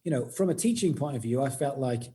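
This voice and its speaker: Mellow-voiced Welsh man, modest guest. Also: medium pitch, animated, fast talker. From Wales. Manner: modest, laughs often, many restarts. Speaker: guest, music educator. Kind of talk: casual interview chat.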